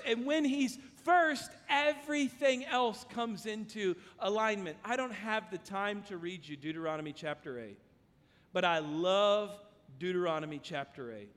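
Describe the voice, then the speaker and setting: A man's voice: high voice, normal speed, a bit bright. A man preaching a sermon as pastor, earnest and emphatic, mixing scripture with personal stories. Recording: long hall reverb.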